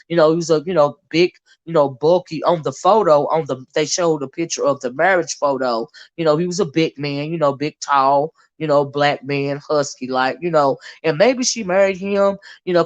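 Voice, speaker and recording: A woman hosting a casual live stream about a movie. She rambles and chats with viewers, fills her talk with "you know", and calls listeners "child" and "honey". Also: sits low. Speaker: movie reviewer and channel host.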